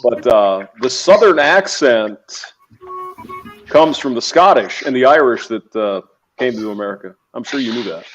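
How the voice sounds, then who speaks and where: A man's voice: medium pitch, expressive, normal speed, faint music behind. Teasing, rambling man, medium voice, muffled chat line. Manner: rambling, teasing, crude banter. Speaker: engineer. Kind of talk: casual group voice chat. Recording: muffled voice chat with faint hiss.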